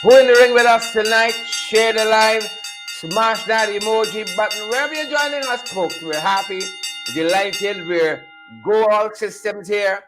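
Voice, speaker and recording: Man, middle-aged, high-voiced stream host, repetitive and playful. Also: measured pace, over music. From Guyana. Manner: repetitive, playful catchphrases and chants. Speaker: livestream host. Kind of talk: energetic livestream hype talk.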